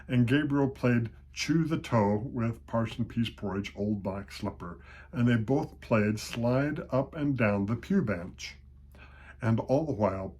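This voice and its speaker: An older man with a husky voice reading a children's storybook aloud at a steady, unhurried pace. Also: medium pitch.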